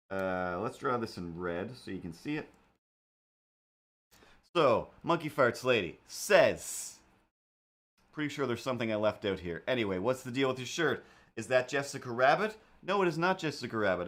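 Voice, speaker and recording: A man's voice: lowish voice, fairly bright tone. A man hosting a live drawing stream, chatting casually and mumbling playful asides to himself as he works. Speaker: live-stream artist host. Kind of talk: rambling live-stream chat while drawing.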